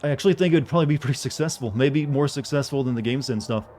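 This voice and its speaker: A man streaming a video game, chatting casually in a dry monotone. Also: medium pitch, very fast, a little hiss or hum.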